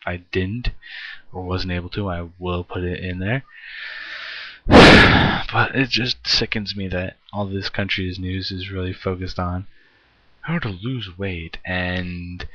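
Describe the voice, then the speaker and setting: Young us guy venting on his vlog, deep voice, swears a lot, muffled webcam audio. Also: bright, forceful tone, no echo. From United States. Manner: swears heavily, frustrated, sighs often. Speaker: vlogger. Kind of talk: angry ranting vlog.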